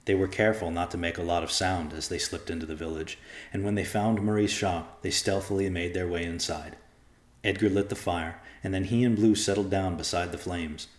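A man narrating a dramatic story in a measured, grave manner. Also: sits low, steady tone. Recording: echoey room.

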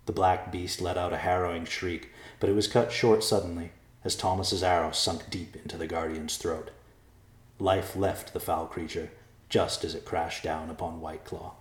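A man narrating a storybook in a measured, dramatic way. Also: low voice, little pitch movement, echoey room.

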